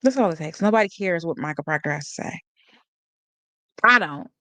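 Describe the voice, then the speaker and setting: A woman's voice: lowish voice, fairly quick, no room sound. Sarcastic woman streamer, dry close mic. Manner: animated and sarcastic, laughing often, reading chat comments aloud. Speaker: livestream host. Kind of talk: casual commentary talk.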